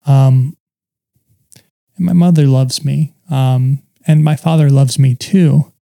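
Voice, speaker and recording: A man sharing a painful personal story in conversation, halting and reflective, with many pauses and fillers. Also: medium pitch, steady tone, gravelly, warm tone. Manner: earnest and open about painful memories.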